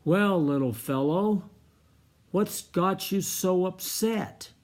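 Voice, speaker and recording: A man's voice: high voice, a little mellow, voice pushed up. A man doing a kind, soothing policeman. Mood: reassuring. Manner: slow, soothing, reassuring. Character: kind gentle adult male policeman.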